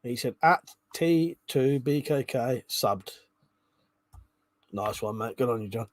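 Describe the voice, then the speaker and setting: Speaking slowly but with plenty of animation, a medium-pitched man reads his viewers' comments during a relaxed livestream. He chuckles and swears freely, and there's no echo at all.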